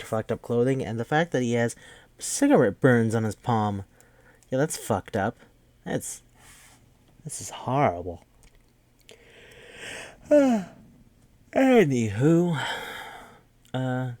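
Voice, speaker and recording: A man's voice: mid-range voice, a little mellow, no room sound. Rambling, profane man recapping a movie. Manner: rambling, profane, full of fillers. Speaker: podcast host.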